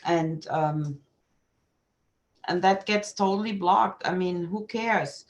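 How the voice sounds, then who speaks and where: A woman guest in a casual video chat, telling stories in an animated way, swearing freely and laughing often. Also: lowish voice, slow, dull audio. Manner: laughs often while talking.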